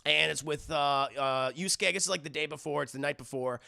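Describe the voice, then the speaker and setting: A man talks a live chat through an anime episode in a loose, rambling recap. His voice sits high for a man, with a strong gravelly fry and a bright edge. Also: a little fast. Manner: rambling, fillers, addresses chat. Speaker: anime reviewer streaming live.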